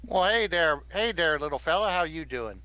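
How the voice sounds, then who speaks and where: A man's voice: a little high, expressive, normal speed, pushed and bright, no echo. A man voicing a friendly cowboy with a put-on Southern drawl, easygoing and folksy, on a slightly dull mic.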